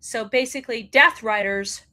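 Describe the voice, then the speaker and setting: A woman hosting her own wrestling show, sounding fired up and blunt, with swearing. Her voice sits a bit high for a woman. She talks straight to her viewers. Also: moderate pace, pushed and bright. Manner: fired-up ranting, blunt and profane. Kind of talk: solo commentary show.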